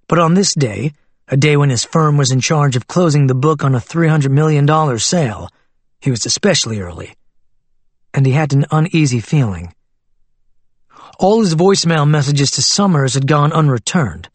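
A man narrating an audiobook novel in a steady, even storytelling manner. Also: on the high side, no echo.

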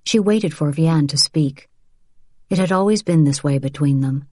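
A woman in measured, unhurried scripted audiobook narration. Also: deep voice, dark tone, no echo, clean studio sound.

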